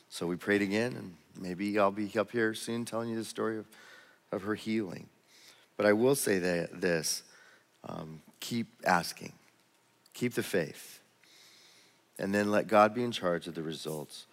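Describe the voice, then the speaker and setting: Low-voiced male pastor preaching in a hall. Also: measured pace, pauses often. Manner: conversational, storytelling, with repeated restarts. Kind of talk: sermon. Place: church auditorium.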